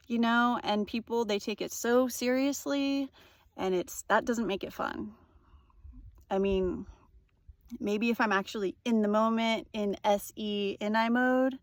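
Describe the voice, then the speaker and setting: A young woman talks straight to the camera, rambling through a personal story with lots of fillers and the odd curse. Her voice sits at an ordinary middle pitch. The sound is dry and close, with almost no room echo. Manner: rambling, many fillers, swears freely. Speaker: vlogger. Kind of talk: casual storytelling monologue.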